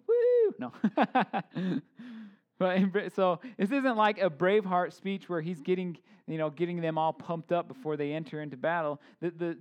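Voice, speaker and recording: Speaking in a slightly high, smooth voice, this thirty-something man preaches casually from the pulpit. His sermon is loose and informal, full of joking asides, filler words, and false starts.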